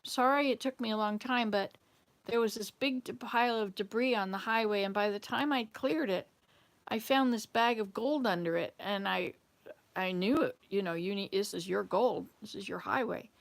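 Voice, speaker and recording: A woman voicing a humble, tired old man in a spoken fable, talking in an apologetic, halting way. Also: medium pitch, gravelly, lightly acted.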